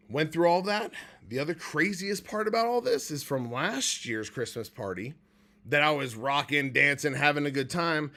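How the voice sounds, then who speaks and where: A man speaking live and from the heart, candid and earnest. He is emotional and close to tears, sighing and pausing as he goes. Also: fairly high pitch, fairly bright tone. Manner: heartfelt and candid, at times choked up with pauses and sighs. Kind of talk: emotional personal livestream talk.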